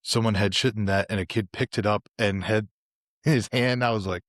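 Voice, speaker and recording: A man's voice: on the low side, steady tone, fairly quick, no echo, studio quality. A man as a podcast guest, telling laid-back, joking stories in casual chat.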